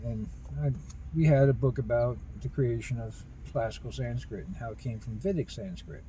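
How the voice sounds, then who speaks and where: A man talking in a rambling personal monologue about spiritual ideas, earnest and halting, with many restarts. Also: mid-range voice, warm tone, a little hiss or hum, rough recording. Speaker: spiritual video host.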